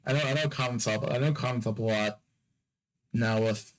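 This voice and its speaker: A man's voice: medium pitch, normal speed, poor audio. Rambling, jokey man hosting a podcast. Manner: rambling, jokey, repeats phrases over and over; playful teasing of listeners. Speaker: podcast host. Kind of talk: casual solo podcast sign-off.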